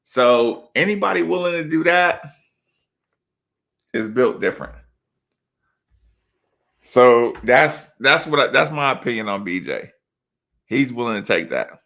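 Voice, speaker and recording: A man's voice: mid-range voice, very animated, a little slow, creaky, pauses often, bright, forceful tone. A middle-aged man, a former college basketball player, telling loose, slangy stories in casual chat with lots of asides.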